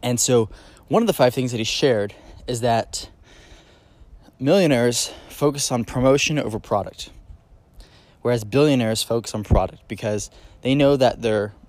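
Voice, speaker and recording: A man's voice: mid-range voice, normal speed, a little mellow, dry recording. Male podcast host, solo monologue; casual, filler-heavy, eager emphasis on key points. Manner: casual, rambling, many fillers and restarts.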